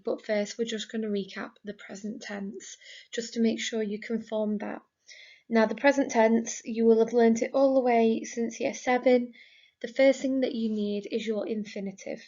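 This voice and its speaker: A woman's voice: on the high side, darkish tone. An English woman teaching a language lesson, explaining grammar step by step in a patient, methodical way. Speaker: Spanish teacher. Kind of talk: recorded remote lesson. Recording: lo-fi, dull sound.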